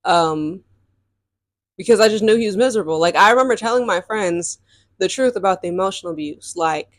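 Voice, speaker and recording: A woman's voice: mid-range voice, lively intonation, brisk, no room sound, studio quality. A young woman hosting a podcast, telling a personal story in a casual, emphatic way full of "like" and "um". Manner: casual and emphatic, heavy use of "like" and "um". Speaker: podcast host.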